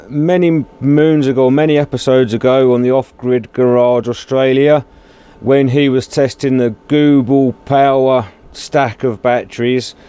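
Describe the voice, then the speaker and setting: A man's voice: mid-range voice, a little mellow, smooth. A man giving casual running commentary in his workshop, muttering and swearing as he works. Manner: chatty, muttering and humming while working, swears casually. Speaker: DIY video maker.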